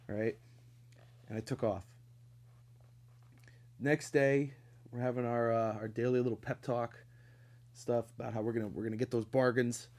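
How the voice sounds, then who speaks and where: A man's voice: mid-range voice, level tone, brisk, long pauses, a little mellow. A young man telling a long comic story in a casual, rambling way, swearing often and leaning on lots of fillers. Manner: rambling, profane, with frequent fillers. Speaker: podcast storyteller.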